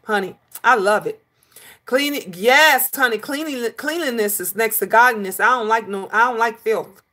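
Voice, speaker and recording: Animated, bright-voiced middle-aged woman chatting. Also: on the high side, moderate pace. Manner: chatty and animated, calls viewers honey. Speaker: livestream host reading viewer comments. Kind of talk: casual livestream chat.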